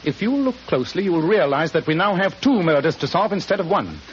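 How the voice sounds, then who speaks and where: An actor playing a shrewd, coolly sardonic male detective in a 1940s radio drama, speaking crisply. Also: fairly high pitch, big pitch swings, quick pace. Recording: dull old radio recording with hiss.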